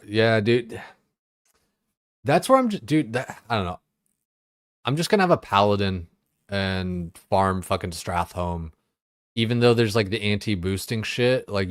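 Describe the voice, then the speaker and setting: With a deep voice, a young gaming streamer launches into a loose, irritated livestream rant crammed with curses and filler words. The recording is dry and of studio quality.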